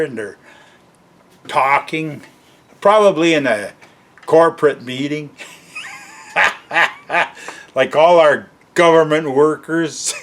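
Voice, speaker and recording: An older Canadian man talking in a casual, rambling vlog monologue, chuckling often and tagging his sentences with "eh?". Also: a little high. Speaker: vlogger.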